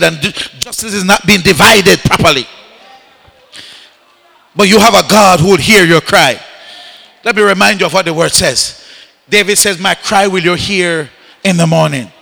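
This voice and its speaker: High-pitched gravelly preacher man, shouting. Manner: shouting, call-and-response exhortation; repetitive chanting of refrains. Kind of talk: sermon. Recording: echoey hall.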